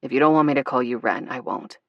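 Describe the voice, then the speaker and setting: Woman reading as a gruff grown man, teasing, low voice, dry close sound, audiobook. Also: quick pace, no room sound, dull audio. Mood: earnest. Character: blustering but tender grown man.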